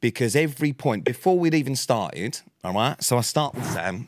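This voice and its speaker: A man's voice: mid-range voice, animated, moderate pace, no room sound. A man co-hosting a podcast in casual chat, telling stories in a dry, self-mocking way. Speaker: podcast co-host.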